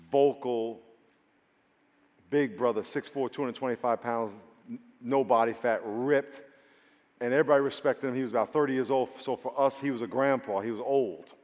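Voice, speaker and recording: A man preaching a sermon, moving from quiet storytelling to emphatic, shouted exhortation and leading his congregation in call-and-response. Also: mid-range voice, big-room sound. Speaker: pastor.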